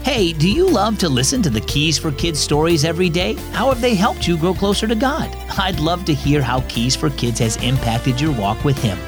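A man hosting a children's devotional program, narrating a scripted story with an expressive read-aloud manner. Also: fairly high pitch, moderate pace, few pauses, music in the background.

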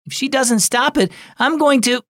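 A man's voice: very high-pitched, moderate pace, a bit bright, dry recording, clean studio sound, voice pushed up. A man voicing an upset young girl in a children's devotional story, whiny and indignant.

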